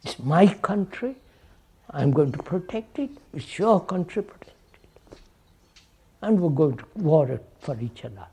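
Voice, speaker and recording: A man's voice: on the high side, big pitch swings, a little slow, pauses often, warm tone, breathy edge. A man giving a reflective public talk to an audience, posing questions and repeating phrases, often checking with "right?". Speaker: speaker addressing an audience.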